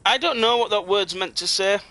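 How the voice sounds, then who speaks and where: A man's voice: sits high, a little fast, vocal fry, bright, forceful tone, dry recording. A young British man chatting casually and joking with viewers while he plays a game on a live stream.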